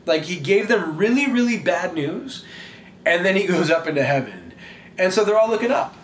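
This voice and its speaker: A man preaching a sermon in an animated, conversational way that often repeats words as he goes. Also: sits high, moderate pace, echoey room, slight background noise. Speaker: pastor.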